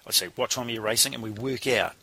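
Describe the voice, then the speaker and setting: Cast a rapid-fire, sharp-voiced New man in his forties, a blunt swearing coach. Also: medium pitch, breathy edge. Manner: blunt, salty storyteller, swears freely. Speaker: cycling coach. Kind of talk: casual anecdote in conversation.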